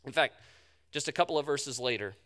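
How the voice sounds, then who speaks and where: A man preaching a sermon, telling the story with animation and swinging from loud bursts to hushed words. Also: mid-range voice, fairly quick. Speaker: pastor.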